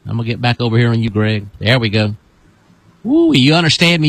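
Commanding pastor in a dry room. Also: male voice, animated, fast talker, no echo. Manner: commanding, repetitive, with high whoops. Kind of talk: deliverance prayer.

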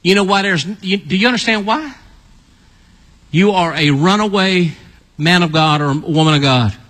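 A man preaching an animated sermon, acting out a story with volunteers and calling out to the congregation. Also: normal speed, in a large hall. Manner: animated, calls out to the audience, builds to excited high shouts.

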